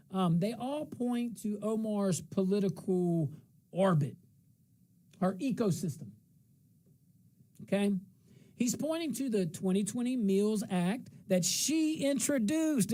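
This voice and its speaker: A man's voice: high-pitched, dark tone. A man hosting a political talk show, chatting casually and giving opinions. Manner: casual, opinionated, laughing asides. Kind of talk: political talk radio commentary.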